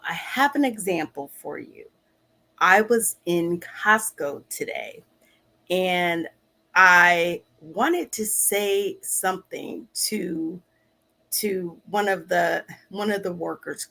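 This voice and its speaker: A woman talking casually to her viewers, slow and searching, often restarting her sentences. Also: fairly low pitch, vocal fry, a bit bright, slightly rough. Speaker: vlog host. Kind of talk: casual personal talk to camera.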